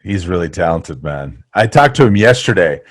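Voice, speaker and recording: A man's voice: sits low, expressive, moderate pace. A man interviewing a friend in a casual chat, laid-back and slangy, with some casual swearing.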